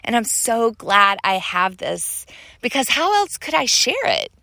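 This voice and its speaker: A woman's voice: a little high, big pitch swings, measured pace, gravelly, bright, forceful tone, no room sound, clean studio sound. A woman hosting her own podcast, talking in a heartfelt, gushing and spiritual way, full of thanks and "like" fillers. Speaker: podcast host. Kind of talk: heartfelt solo podcast talk.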